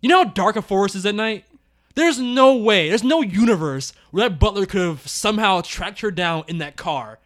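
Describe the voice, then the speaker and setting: Animated high-voiced man, profane and laughing. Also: moderate pace. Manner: acts out characters' lines in exaggerated voices. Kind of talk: casual movie review chat.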